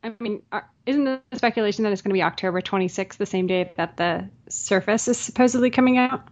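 Fast-talking woman on a tech podcast. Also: medium pitch, lo-fi sound. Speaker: podcast co-host. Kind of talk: casual tech chat.

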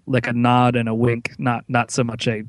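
A man co-hosting a casual podcast chat, rambling and animated, with lots of restarts. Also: mid-range voice, normal speed, no room sound. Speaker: podcast co-host.

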